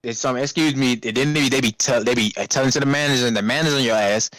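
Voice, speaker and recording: Young dude ranting about his old fast food job, swears a lot, dry close sound. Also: medium pitch, no room sound. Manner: profane, animated storytelling with acted-out customer voices. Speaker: podcast co-host. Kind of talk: casual storytelling chat.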